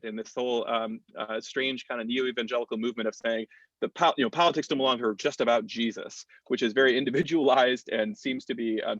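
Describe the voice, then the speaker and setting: An American clergyman in his thirties speaking thoughtfully on a panel, with frequent pauses and restarts. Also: medium pitch, a bit bright, no echo. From United States. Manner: reflective, thoughtful, many fillers and restarts. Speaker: clergyman and campus chaplain. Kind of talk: panel discussion talk. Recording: dull lo-fi dry sound.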